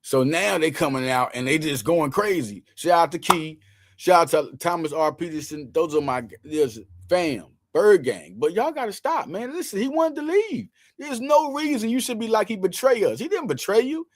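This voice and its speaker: Male sports host, casual slangy riffing, hammers his points home, a bit high-voiced, dry sound. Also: animated, normal speed, no room sound. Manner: emphatic, repeats lines for effect; loose slangy talk.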